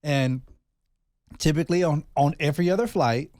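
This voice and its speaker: A man in his thirties chats on his podcast and tells a family story with animated energy, playing out the other voices as he goes. The sound is close and dry. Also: fairly high pitch, normal speed, no echo. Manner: animated storyteller, acts out quotes. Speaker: podcast co-host. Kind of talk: casual chat.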